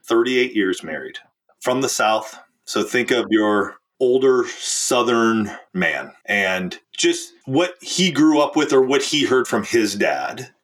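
A man's voice: medium pitch, expressive, slow, a bit bright. A man, a relationship coach, telling a client's story as a podcast guest, earnest and emphatic. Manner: earnest, emphatic, acts out quoted speech. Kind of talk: conversational storytelling.

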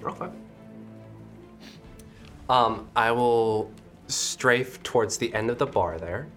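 A man playing a tabletop game, calmly describing what his character does. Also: mid-range voice, takes it slowly, soft background music. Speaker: player. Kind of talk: casual tabletop game play.

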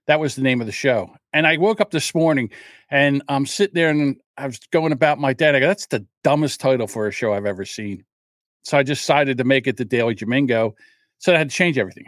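A man's voice: medium pitch, dry recording, clean studio sound. An older man hosting his own podcast livestream alone, rambling in a self-deprecating way and openly nervous. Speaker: podcast host. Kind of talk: solo livestream chat.

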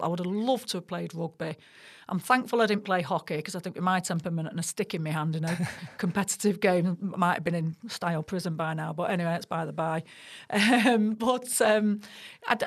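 Chatty Mancunian woman in her forties. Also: medium pitch. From Manchester, England. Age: 40s. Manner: chatty, animated storyteller with self-deprecating humour. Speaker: podcast guest. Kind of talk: casual interview chat.

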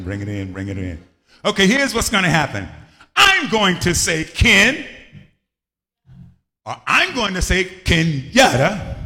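A bright, ringing man's voice preaches with wide swings of pitch, breaking into shouts and sing-song lines. He leads a congregation in call and response. The sound carries long reverb from a church hall. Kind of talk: lively sermon with call and response.

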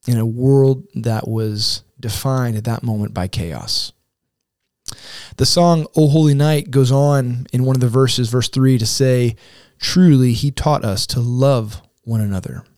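Man, slow devotional storyteller, earnest, dramatic pauses, dry close sound. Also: mid-range voice, a little mellow, dry recording. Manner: reads quotes and scripture with weight. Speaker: camp director.

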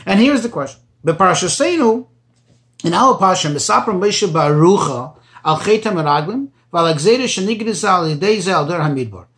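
A man teaching a Torah class, reading Hebrew phrases and translating each one into as he goes. His pitch jumps up when he stresses a point. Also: lively intonation, a little fast, a bit bright. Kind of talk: Torah class explaining commentaries.

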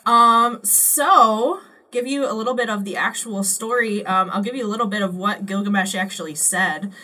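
Bright-voiced woman, slightly off-mic. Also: mid-range voice, normal speed, far from the mic. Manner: hesitant, many "um"s. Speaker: podcast co-host and judge. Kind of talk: casual podcast chat.

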